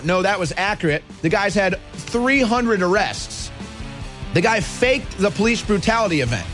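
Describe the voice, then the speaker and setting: A man's voice: sits high, lively intonation, moderate pace, a bit bright, faint music behind. A man hosting a political talk show, ranting in a combative, mocking way and swearing freely. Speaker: political commentary host. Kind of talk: angry political rant.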